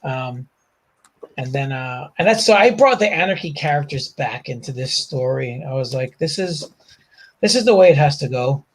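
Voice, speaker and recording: At medium pitch and normal speed, a Bronx-born comic creator talks casually in his New York accent. His storytelling is rambling and animated, full of fillers and frequent laughs.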